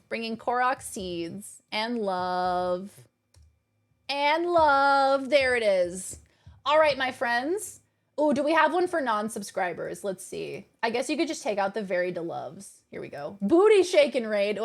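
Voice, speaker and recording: A woman streamer chatting casually on a live stream, thanking her viewers over and over, with lots of fillers and repeats. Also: mid-range voice.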